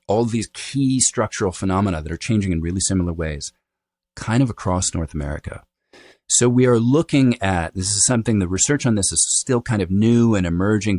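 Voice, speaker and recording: Deep-voiced man explaining accents. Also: dry recording. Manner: animated, lecturing, uses "right?" and "you know". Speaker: dialect coach guest. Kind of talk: explanatory podcast interview.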